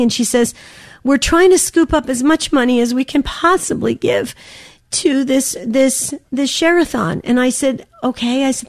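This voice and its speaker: A woman's voice: high voice, moderate pace, no echo. A woman co-hosting a live radio pledge drive, who is under the weather and tells stories earnestly and emotionally, with many restarts. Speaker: radio fundraiser co-host.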